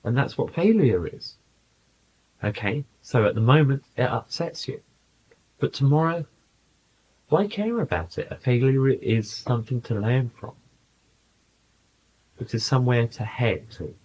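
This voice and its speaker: A man in a channeling session, speaking in a calm, patient, coaching way and telling anecdotes to a small group. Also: mid-range voice, a little slow, pauses often, slightly rough, rough recording. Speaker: channeler giving spiritual counsel. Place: small room with a group present.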